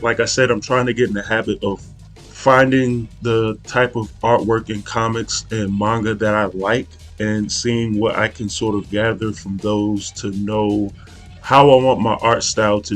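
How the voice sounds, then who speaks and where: A young man casually talking through an art study, rambling and hesitant, with many fillers and restarts. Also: on the low side. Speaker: art channel host.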